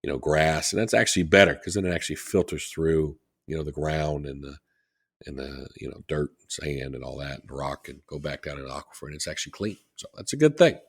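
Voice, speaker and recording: Low husky man, rambling promo chat. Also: fairly quick. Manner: rambling, repeats phone number for promotion. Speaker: podcast co-host. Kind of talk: casual chat. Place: Southwest Florida.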